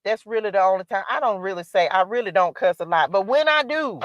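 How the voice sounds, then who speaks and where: A woman's voice: mid-range voice, lively intonation, fast talker, dry recording. A woman hosting a spiritual live stream, giving an emphatic, preachy motivational talk that repeats its calls to action. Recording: dull lo-fi dry sound.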